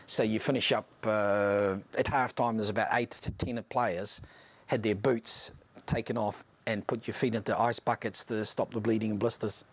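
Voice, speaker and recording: Man, lowish voice, matter-of-fact match memories. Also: fairly even intonation, moderate pace, hardly any pauses, fairly bright tone, husky, no echo. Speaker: former footballer. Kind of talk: retrospective interview.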